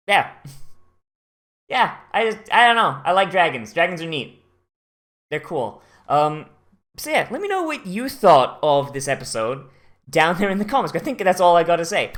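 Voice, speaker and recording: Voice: medium pitch, a bit bright. Profane, rambling host. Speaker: anime watch-along host. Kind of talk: casual rambling commentary.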